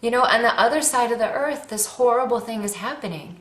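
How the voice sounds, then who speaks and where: A woman's voice: a little high, lively intonation, brisk, a bit bright. A woman actress and advocate making a personal appeal to viewers from home, earnest and rambling, with a self-deprecating humor. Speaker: actress and animal-rights advocate. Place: at home with her dog nearby. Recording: roomy echo.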